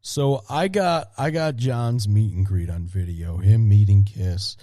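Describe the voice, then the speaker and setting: A man's voice: on the low side, a little slow, mellow, no room sound, studio quality. A man casually chatting on a podcast, amused and teasing his friend about a story. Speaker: podcast co-host.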